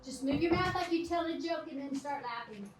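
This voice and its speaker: A middle-aged woman teacher giving animated, directive instructions to a class of children, laughing often. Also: high-pitched, a little fast. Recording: roomy, distant, noisy classroom.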